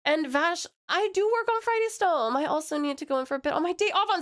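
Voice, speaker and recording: A woman's voice: very high-pitched, animated, quick pace, hardly any pauses, fairly bright tone. A young woman with an American accent streaming live, chatting with viewers in a bubbly, affectionate, giggly way and calling them pet names, from a home desk mic. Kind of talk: casual live-stream chat.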